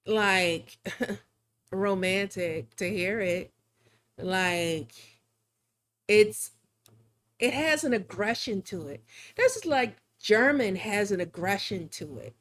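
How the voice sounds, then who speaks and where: A woman streaming live while drawing, chatting casually in a rambling, chatty way with frequent laughs. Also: medium pitch. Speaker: live-streaming digital artist.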